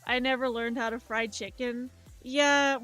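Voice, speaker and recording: A woman's voice: a little high, steady tone, measured pace, a bit bright, faint music behind. A young woman streaming live as she draws, telling long rambling stories full of "like" and "um" in casual chat. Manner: rambling storytelling, lots of "like" and "um".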